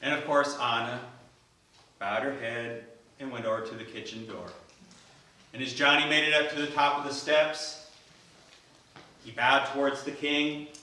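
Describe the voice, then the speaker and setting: A man's voice: mid-range voice, unhurried, pauses often, distant mic. Man telling a folk tale in an echoey room. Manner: animated storytelling, acting out characters. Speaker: Toastmasters speaker. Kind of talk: told story speech. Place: club meeting room.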